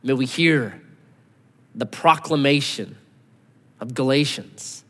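A man in his thirties preaching a sermon as pastor, animated, acting out voices and swinging between loud and soft. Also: a little high, a little slow, long pauses. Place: large church hall. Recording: long hall reverb.

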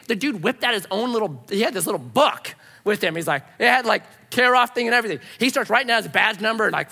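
A pastor with a high-pitched, sharp-toned voice preaches a sermon fast and animatedly, barely pausing. He tells anecdotes and acts out the voices of the people in them. A long hall reverb surrounds his voice.

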